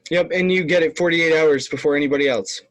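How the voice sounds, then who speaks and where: A man with a notably high voice co-hosts a casual podcast chat, teasing and laughing often. The sound is very dry and close. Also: quick pace, no room sound, rough recording. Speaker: podcast co-host.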